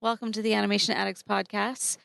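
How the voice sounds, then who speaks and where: A woman's voice: mid-range voice, quick pace, creaky, dry recording. A woman co-hosting a podcast, chatting casually in an underground parking garage and animatedly retelling a film's plot. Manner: animated retelling, acts out characters' lines. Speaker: podcast co-host. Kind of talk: casual movie review chat.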